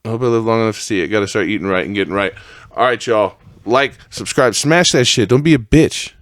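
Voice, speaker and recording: Solo podcast host, young man, fired-up profane rants, lowish voice, dry close sound. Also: quick pace, fairly bright tone, no room sound. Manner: profane, heated rant that rises in pitch.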